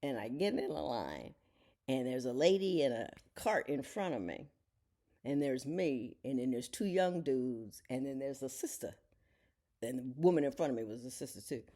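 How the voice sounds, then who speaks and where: A middle-aged woman, a television judge, telling a casual story at home and acting out the people she quotes. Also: normal speed. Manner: animated storyteller, voices quoted people with big pitch jumps. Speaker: television judge turned podcaster.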